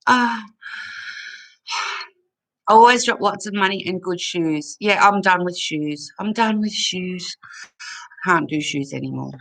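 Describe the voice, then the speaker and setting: A woman chats unhurriedly on a home livestream, reading out comments and thanking her viewers. Her voice is bright and clear, and she takes her time with each thought, often emotional and close to tears. She talks into a computer mic. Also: lowish voice, measured pace, pauses often, poor audio. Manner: chatty, warm thanks to viewers, emotional and tearful at times. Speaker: livestream host reading chat. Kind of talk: casual live chat.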